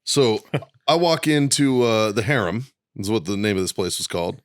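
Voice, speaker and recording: A man's voice: lowish voice, animated, moderate pace, clean tone, dry recording, studio quality. Profane rowdy man. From South Boston. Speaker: podcast co-host. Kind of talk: casual storytelling.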